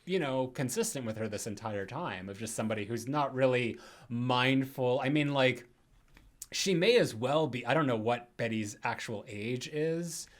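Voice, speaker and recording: A man co-hosting a film podcast in loose, casual talk. He rambles and halts, leaning on "like" and restarting his sentences. His voice sits at an ordinary middle pitch. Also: lively intonation. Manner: rambling, halting, heavy use of filler "like". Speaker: podcast co-host.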